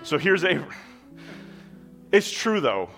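A man's voice: fairly high pitch, very animated, slow, fairly bright tone, faint music behind. A man preaching a sermon in a conversational style, with emphatic asides to the congregation. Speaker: pastor. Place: church with kids in the room.

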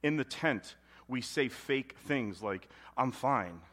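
A man's voice: medium pitch, expressive, slow. Male pastor, conversational sermon delivery, mid-range voice, dynamic volume swings. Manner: conversational, swinging between loud emphasis and hushed intensity.

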